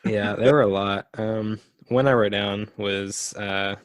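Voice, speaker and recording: A man co-hosting a podcast in casual chat, relaxed and loose, with many fillers. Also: lowish voice, slow, clean tone, dry recording. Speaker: podcast co-host.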